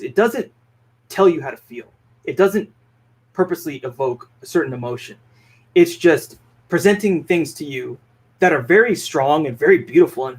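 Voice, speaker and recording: A man hosts a casual film podcast, working through his opinions in a thoughtful, hedging way. His voice sits a little high for a man, with plenty of restarts and fillers. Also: breathy edge. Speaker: podcast host. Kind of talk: casual film review chat.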